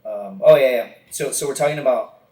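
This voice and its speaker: A man tells stories as a guest on a podcast, in a loose and lively way. He swears often and puts on voices when he quotes people. His pitch sits in a mid range. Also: a little fast, slightly rough. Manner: animated storyteller, acts out quotes, swears often. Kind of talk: casual storytelling.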